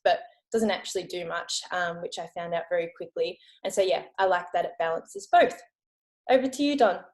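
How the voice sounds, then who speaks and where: A woman's voice: lowish voice, a little mellow. A woman in her late twenties giving a friendly, informal product presentation on a video call. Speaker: network marketing consultant.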